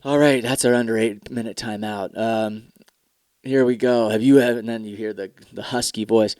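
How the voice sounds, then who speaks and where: On his own casual podcast, a man rambles candidly and profanely, slipping in mock commercial voices. His voice is on the low side and darkish, with fairly even intonation at a moderate pace, and the recording is dry and clean like a studio.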